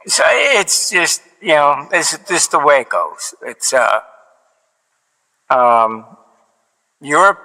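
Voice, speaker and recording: A man's voice: mid-range voice, bright, forceful tone. A man telling long stories in casual talk, full of fillers and restarts, who acts out the quoted back-and-forth of each anecdote with a dry delivery. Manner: rambling, many fillers and restarts. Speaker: financial analyst guest. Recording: long hall reverb.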